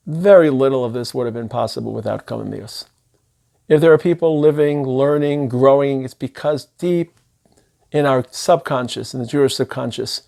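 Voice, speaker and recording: Middle-aged rabbi, earnest and emphatic, mid-pitched man's voice. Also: a little mellow. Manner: earnest, emphatic delivery sprinkled with Hebrew and Yiddish terms. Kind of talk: sermon.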